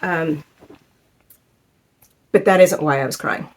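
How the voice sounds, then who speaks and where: Woman in her fifties telling a story. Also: low-pitched. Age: 50s. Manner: emotional, halting, many fillers. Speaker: vlogger. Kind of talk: personal storytelling.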